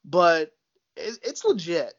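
A man's voice: a little high, sing-song, takes it slowly, a bit bright, slightly rough. A man talking casually as a guest, easygoing and given to repeating words, calling the host dude and man. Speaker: sports podcaster guest. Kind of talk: casual chat. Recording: slightly dull lo-fi sound.

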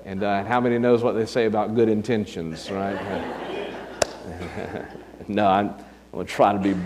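A man preaching as a pastor to a church congregation, leading prayer in a measured way with frequent pauses. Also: on the low side, little pitch movement, long reverb tail, background noise. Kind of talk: sermon and prayer.

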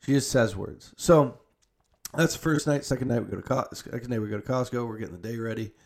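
A man's voice: mid-range voice, fast talker, darkish tone. A young man telling a long family story in casual, rambling speech full of "like" and restarts. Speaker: storyteller recounting a family visit.

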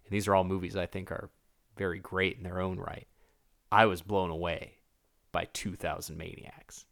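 A man's voice: low voice, level tone, moderate pace, creaky, a bit bright, dry recording, clean studio sound. A man co-hosting a casual movie podcast, joking and acting out goofy voices as he talks. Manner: jokey, acts out silly voices mid-story. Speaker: podcast co-host. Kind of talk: casual movie review chat.

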